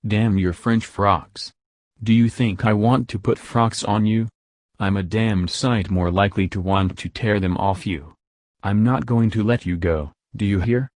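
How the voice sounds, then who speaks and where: A man's voice: on the low side, a little slow, a little mellow, dry recording, clean studio sound, close to an everyday voice. A man reading as an urgent, reckless young lover.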